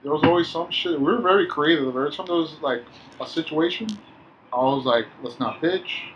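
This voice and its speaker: A man's voice: fairly high pitch, quick pace. A man telling workplace stories in a loose, profane way, acting out what people said. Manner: loose, profane storytelling with acted-out quotes. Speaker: podcast co-host. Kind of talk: casual chat. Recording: dull lo-fi sound with faint background hiss.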